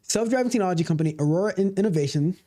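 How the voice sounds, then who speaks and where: A man's voice: high voice, lively intonation, rapid-fire, warm tone. A man hosting a tech livestream, reading a news article aloud in a casual way, repeating himself and grumbling at the web page. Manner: talks to himself, grumbles at the website, repeats words. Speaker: livestream host. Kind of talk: casual live commentary while reading an article.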